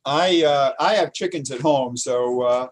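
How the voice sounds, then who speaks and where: A man's voice: mid-range voice, a little slow. A man with a mid-range voice plays in a tabletop game over voice chat. He speaks hesitantly, filling gaps with "uh" and restarting his sentences. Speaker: player.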